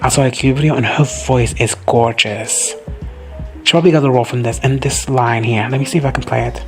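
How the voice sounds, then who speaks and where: A man giving a casual recap and reaction to a show. He rambles excitably, swears freely and drops into quick quoted asides. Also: medium pitch, over loud music. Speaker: reaction video host.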